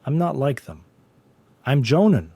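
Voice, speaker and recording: A man's voice: mid-range voice, big pitch swings, a little slow, vocal fry, dark tone, breathy edge, no room sound, voice pushed up, full character voice. A man voicing a proud, taunting masked ninja in a recap story. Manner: boastful, taunting.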